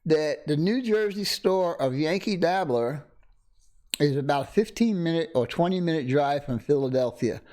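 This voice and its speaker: A middle-aged man hosts a casual livestream from a home desk, speaking close to a condenser microphone. His voice sits a little high for a man, and he rambles easily, greeting viewers by name with frequent chuckles. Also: lively intonation, normal speed, darkish tone. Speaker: livestream host. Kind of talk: casual live-stream chat.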